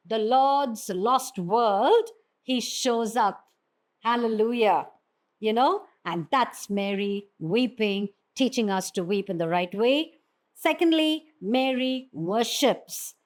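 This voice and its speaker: Earnest woman preaching a sermon. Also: fairly high pitch. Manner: earnest, exhorting, frequent fillers and restarts.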